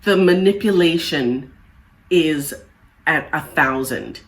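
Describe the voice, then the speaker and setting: A woman's voice: low voice, takes it slowly. A woman hosting a casual reality TV recap, talking in an exasperated, sarcastic way.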